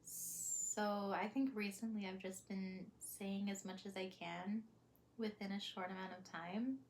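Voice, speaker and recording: A young woman in a casual, reflective vlog. She talks slowly and softly, feeling her way through each thought with fillers and pauses. Her pitch sits at an ordinary middle level. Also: fairly even intonation, a little hiss or hum. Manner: soft, thoughtful, hesitant with fillers and small laughs. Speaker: vlogger.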